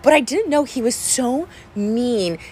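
A woman's voice: fairly high pitch, expressive, unhurried, a little mellow, slight background noise, rough recording. Rambling, upset woman venting to camera. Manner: upset, rambling, many fillers and restarts. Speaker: vlogger. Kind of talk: emotional personal vlog rant.

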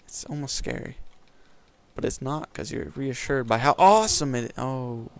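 A man's voice: mid-range voice, lively intonation, moderate pace, gravelly, no echo. A young man giving casual, rambling let's-play commentary over a video game, joking and mocking himself as he plays. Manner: rambling, self-mocking, jokey. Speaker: gameplay commentator.

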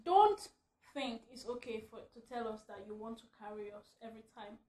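A woman vlogger ranting at home, animated and laughing often as she talks. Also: on the high side, a little fast, reverberant. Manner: animated, laughing mid-rant. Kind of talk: ranting vlog.

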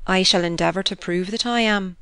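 A woman voicing a meek, frail young governess with a composed, quietly penetrating manner. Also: mid-range voice, brisk, clear, resonant tone, dry recording.

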